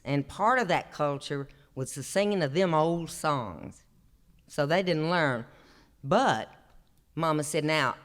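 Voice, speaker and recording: A man's voice: fairly high pitch, a bit bright, smooth. A man in his sixties with an Appalachian accent, telling homespun stories on a stage in a drawling, chuckling way. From Appalachian North Carolina. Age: 60s. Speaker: traditional singer and storyteller. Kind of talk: folksy storytelling on stage. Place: opera house stage, live show.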